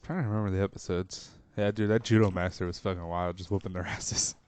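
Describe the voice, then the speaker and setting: A man's voice: sits low, fairly even intonation, fast, a little mellow, clean tone, dry recording. A man co-hosting a casual pop-culture podcast, chiming in with scene quotes and swearing freely. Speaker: podcast co-host.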